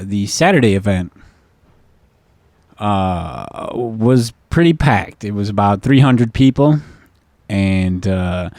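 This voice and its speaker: A man's voice: on the low side, darkish tone, no echo. A man hosting a podcast and telling a story casually, swearing often and filling gaps with "uh.". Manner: profane, rambling, many fillers. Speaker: podcast host.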